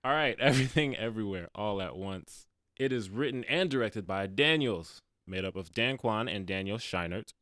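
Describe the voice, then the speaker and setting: A man's voice: lowish voice, lively intonation, moderate pace, fairly bright tone, no room sound. A man in his late twenties co-hosting a movie review podcast, chatting casually and animatedly, laughing often and acting out quotes. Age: late 20s. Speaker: podcast co-host. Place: podcast studio.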